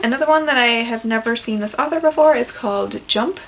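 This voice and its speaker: A woman's voice: fairly high pitch, a little fast, a bit bright, low-quality recording. A young woman, a librarian, casually reviewing picture books and reading bits aloud in a playful storytime voice.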